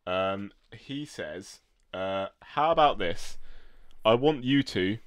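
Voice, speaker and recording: A man, a podcast co-host reading listener comments in relaxed casual chat with many fillers. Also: fairly low pitch, takes it slowly, no room sound, studio quality. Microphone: close podcast mic.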